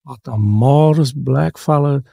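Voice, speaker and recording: Australian male host, gravelly and dark, lively storyteller, dry sound. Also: medium pitch, unhurried, no echo. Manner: animated storyteller, laughs often. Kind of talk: casual conversational interview.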